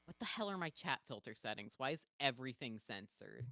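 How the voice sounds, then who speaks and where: A man's voice: medium pitch, very animated, a little fast, gravelly, pushed and bright, no room sound. A young man co-hosting a stream, trading sarcastic jokes and the odd swear in casual banter. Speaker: co-host guest.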